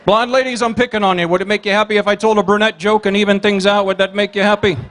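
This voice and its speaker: High-voiced man telling stand-up jokes. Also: level tone, fairly bright tone. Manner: rapid one-liners with teasing crowd work. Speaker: comedian and emcee at a gala dinner. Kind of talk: stand-up joke routine. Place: banquet hall.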